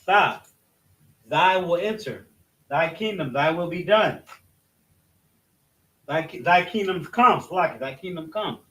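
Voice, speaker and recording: Halting male teacher in an echoey room. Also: fairly high pitch, animated, pushed and bright. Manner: halting, self-correcting explanation. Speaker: religious study teacher. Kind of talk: whiteboard Bible lesson. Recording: roomy echo, voice from a distance.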